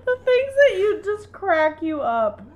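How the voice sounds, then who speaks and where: A woman's voice: extremely high pitch, sing-song, takes it slowly, a little mellow, raised voice. A woman co-hosting a podcast in casual chat, laughing often. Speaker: podcast co-host.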